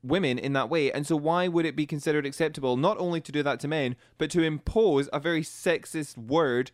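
A man's voice: a little high, a little fast, no echo. A man co-hosting a radio show in a studio, ranting in an opinionated, exasperated way in casual chat. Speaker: radio co-host.

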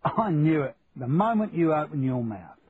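Here a man pitches his voice up into a slightly high, sing-song delivery at a moderate pace to portray a sixty-four-year-old Cockney businessman who is shrewd, chummy and given to blunt, matey banter. Faint hiss runs under the tinny, lo-fi recording.

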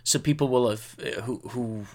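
A man co-hosting a casual chat podcast, rambling and halting with many restarts. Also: mid-range voice. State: recovering from illness. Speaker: podcast co-host.

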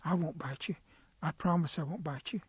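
A man's voice: fairly high pitch, brisk, slightly rough, dry recording. A sly, coaxing rattlesnake, as a male storyteller puts it on. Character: sly rattlesnake, calm and deceitful.

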